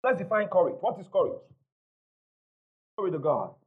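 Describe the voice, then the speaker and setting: Emphatic preacher with a lively, high voice. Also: male voice, moderate pace, slightly rough, narrow, tinny audio. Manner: emphatic preacher, repeats key phrases, call-and-response with congregation. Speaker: pastor. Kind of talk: sermon. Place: church hall before a congregation.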